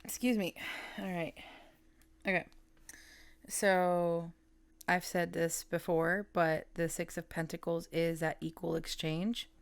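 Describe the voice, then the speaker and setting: A woman's voice: fairly low pitch, flat delivery, slow pace, gravelly, pauses often, clear, resonant tone, dry recording. A woman reading tarot in a casual, chatty way, laughing often and trailing off mid-thought. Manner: coos softly at her pet. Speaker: tarot reader.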